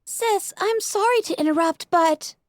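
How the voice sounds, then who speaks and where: A young little-sister unicorn pony with a very high, bright, eager voice, as a woman performs her. Close and dry, like a storybook reading. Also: a little slow, dry recording.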